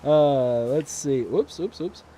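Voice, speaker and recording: A man's voice: on the high side, slow, warm tone. A man hosting a farming game livestream, reading viewer comments aloud in a chatty manner and laughing often. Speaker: livestream host.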